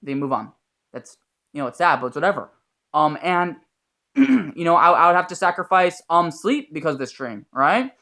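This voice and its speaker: A man's voice: fairly high pitch, animated, normal speed, bright, forceful tone. A young man giving a blunt, profane, earnest motivational talk as a YouTuber. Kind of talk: motivational vlog monologue.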